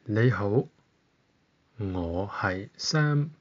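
A man from Britain teaching a beginner language lesson, saying each word slowly and pausing long for the listener to repeat. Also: on the low side, lively intonation, dull audio. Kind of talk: slow, deliberate language lesson.

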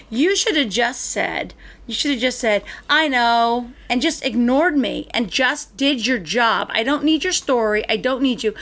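A woman's voice: high voice, fairly bright tone. A middle-aged woman in casual chat, ranting animatedly as she tells a story and acts out both sides of the exchanges.

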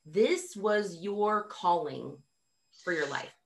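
Gushing woman podcast host with lively pitch. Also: slow, gravelly. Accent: mixed Montana, Canadian and Midwestern. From North America. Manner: gushing, effusive, lots of exclamations. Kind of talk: enthusiastic podcast interview.

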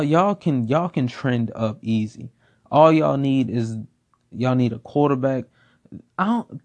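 A man's voice: medium pitch, darkish tone. A man giving a casual football opinion rant, blunt and profane, repeating himself for emphasis. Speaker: sports commentator.

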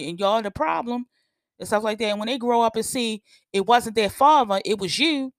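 Woman, blunt profane rant, animated, dry close sound. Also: medium pitch, no room sound. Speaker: podcast host. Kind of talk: casual opinion rant.

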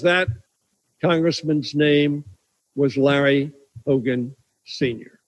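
A man, a congressman, giving a measured, solemn formal floor speech. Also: fairly high pitch, no room sound, rough recording.

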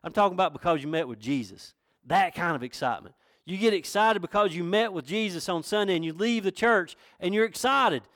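A man's voice: high voice, lively intonation, fairly quick, a bit bright, dry recording, clean studio sound. A man pastor from North Carolina with a Southern accent, preaching a sermon in a folksy, conversational way that rises to emphatic questions. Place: church.

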